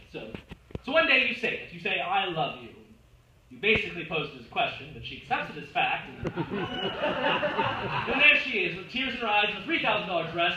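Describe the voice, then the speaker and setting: An actor playing a middle-aged fan of a musical, confiding and rambling with wry asides, recorded on stage. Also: male voice, sits high, noisy background. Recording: echoey stage from far off with music.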